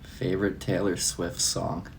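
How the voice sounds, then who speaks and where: Laid-back guy, lowish voice. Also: little pitch movement, a little slow, creaky, a little hiss or hum. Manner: loose, profane, laughs often. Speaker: live streamer. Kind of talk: casual live-stream chat answering comments.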